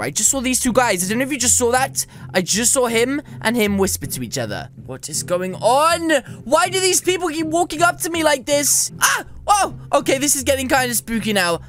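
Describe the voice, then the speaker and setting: A man giving jokey, excitable gameplay commentary and teasing other players as he goes. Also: very high voice. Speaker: gaming YouTuber.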